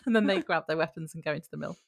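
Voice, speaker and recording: A woman co-hosting a podcast, casually retelling a TV episode in a relaxed, chatty way. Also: sits low, very fast, vocal fry, no room sound, studio quality. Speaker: podcast co-host. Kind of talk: casual chat recapping a TV episode.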